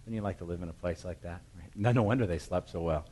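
Lower-voiced man preaching a sermon. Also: fast talker, slight background noise. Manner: acts out scripture voices, shouting the calls across the hills.

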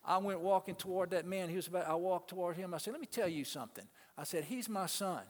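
A male pastor preaching a sermon to his congregation, swinging between loud, emphatic peaks and quiet asides and calling out to the people in the pews. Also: high voice, quick pace. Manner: calls out to the congregation. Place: church sanctuary. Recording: long reverb of a large hall.

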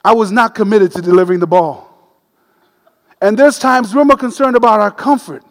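A man preaching a sermon, telling a story with animated, humorous delivery. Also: high voice, normal speed. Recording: long reverb of a large hall.

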